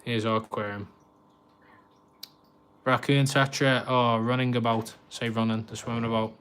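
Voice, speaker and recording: A man's voice: mid-range voice, little pitch movement, normal speed, a bit bright, slight background noise. A man with a Scouse accent chatting casually on a fishkeeping live stream, laughing often and poking fun at himself. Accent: Liverpool (Scouse).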